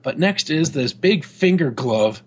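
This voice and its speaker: Slightly high husky guy, joking and cussing his way thru a podcast chat. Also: lively intonation, measured pace, muffled recording. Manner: jokey, swearing, laughing often. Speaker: podcast co-host. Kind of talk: casual chat reviewing an old game magazine.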